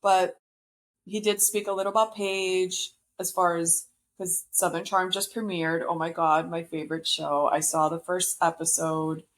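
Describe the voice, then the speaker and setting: A woman's voice: on the low side, level tone, measured pace, a little hiss or hum. A woman hosting a podcast, chatting casually and gossiping about reality TV with frequent laughs. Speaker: podcast host.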